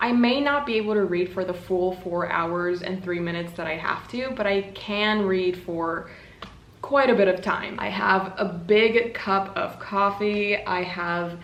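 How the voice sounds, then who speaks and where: A young woman in her twenties chatting casually as a book vlogger at home, easily getting giddy and breathless with excitement. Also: mid-range voice, lo-fi sound. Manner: chatty, quickly overexcited and giggly. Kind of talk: casual vlog talk. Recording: roomy home room, faint background hiss.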